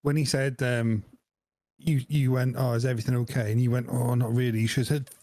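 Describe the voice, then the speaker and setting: A man's voice: mid-range voice, flat delivery, a little fast, warm tone, no room sound. A man, co-hosting a podcast in a jokey, laughing chat. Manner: jokey, laughs often, acts out voices in anecdotes. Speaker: podcast co-host. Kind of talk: casual chat.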